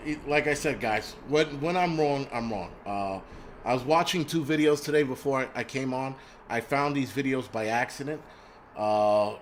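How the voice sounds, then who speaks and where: A middle-aged man in the middle of his pitch range, talking casually on a live stream. He is blunt and profane and keeps poking fun at himself. A faint hiss sits under the voice. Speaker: host.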